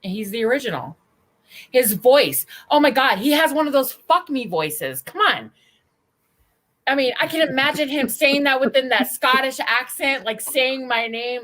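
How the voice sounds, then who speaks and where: Animated bawdy woman streamer. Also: sits high, moderate pace. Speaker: stream host. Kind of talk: casual livestream chat.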